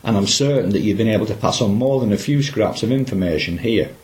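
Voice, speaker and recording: A man hosting an interview, speaking in measured, formal phrasing. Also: lowish voice, a little mellow. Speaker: interviewer, host. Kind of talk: scripted interview links.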